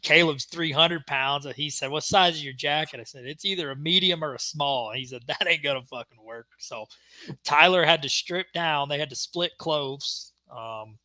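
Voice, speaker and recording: A young man co-hosting a podcast, telling a story in casual chat and acting out the shouted quotes. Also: fairly high pitch, normal speed, no echo. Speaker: podcast co-host.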